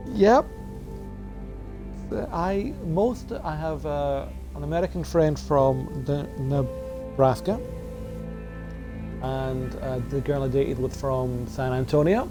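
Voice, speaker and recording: A man's voice: medium pitch, slow pace, long pauses, music in the background. Joking gaming streamer, man. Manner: joking, chatty with viewers. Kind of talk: casual let's play commentary.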